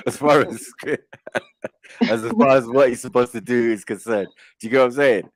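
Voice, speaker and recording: A man's voice: mid-range voice, unhurried, crowd noise. A man hosting a casual live online panel, slangy and joking, laughing often.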